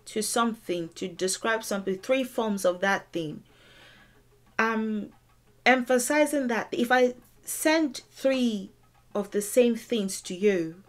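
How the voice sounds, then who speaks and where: Casting: woman, unhurried teacher, medium pitch. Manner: deliberate, emphatic, repeats words for stress. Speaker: language teacher. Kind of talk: explaining song lyrics in a lesson.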